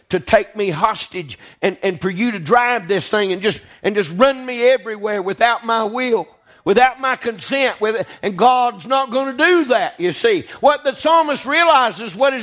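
High-voiced preacher man. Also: fairly bright tone. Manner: call-and-response preaching, frequent "Right?" and "Amen"; rising to emphatic peaks, slowing on scripture. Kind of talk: sermon.

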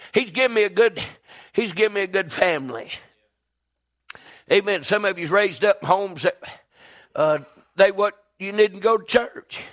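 Fervent high-voiced preacher. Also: male voice. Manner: fervent, rising into shouts with rhythmic repetition. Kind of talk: sermon.

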